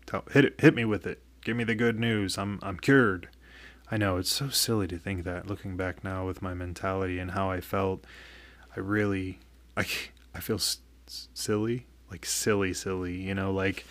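Casual male vlogger, low-pitched, candid and profane, halting speech, dry close sound. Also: level tone, no echo. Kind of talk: casual personal storytelling.

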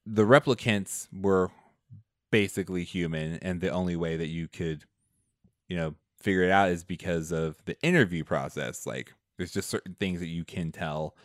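A man chatting casually about movies, thinking aloud in a relaxed way with fillers. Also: sits low, moderate pace, dry recording, clean studio sound. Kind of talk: casual film discussion.

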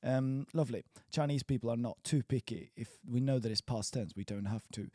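A man's voice: medium pitch, brisk, warm tone, no room sound, clean studio sound. A man teaching a casual spoken language lesson, encouraging and chatty, often trailing off into fillers and restarts.

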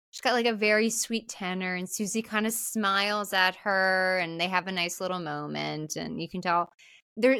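A woman co-hosting a podcast, recapping a film in casual chat and acting out the characters' lines in higher voices. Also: dry recording. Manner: animated, acts out quotes in higher voices. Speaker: podcast co-host.

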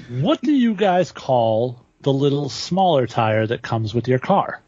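A man's voice: mid-range voice, big pitch swings, slow pace, a little mellow, slightly rough, no room sound. A man chatting casually with co-hosts on a podcast, swearing freely. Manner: chatty, swears, laughs easily. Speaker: podcast co-host. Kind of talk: casual chat. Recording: dry, dull lo-fi podcast audio.

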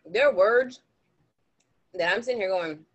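A woman's voice: medium pitch, unhurried. A woman co-hosting a podcast in casual chat, playful and teasing, laughing easily. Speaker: podcast co-host.

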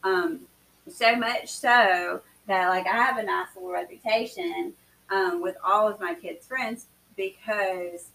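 A woman co-host with a bright, gravelly voice tells her stories with emphatic energy. She sounds a little distant from the mic, with a faint hiss underneath. The chat is casual and lively. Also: mid-range voice, slow pace. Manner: emphatic, animated storytelling. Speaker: podcast co-host.

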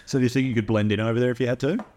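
A man's voice: medium pitch, fairly even intonation, racing, warm tone. An Australian man in casual podcast chat, laid-back and asking questions. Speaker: podcast co-host.

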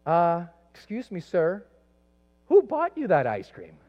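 A man's voice: sits high, wildly swooping pitch, slow, long reverb tail, dull audio, heavily acted. A man voicing a playful, teasing mother in a story told during a sermon. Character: teasing mother sharing ice cream.

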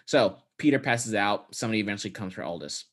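A man co-hosting a podcast in casual chat, recapping a film with joking, profane, animated retelling. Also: on the low side, fast. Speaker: podcast co-host.

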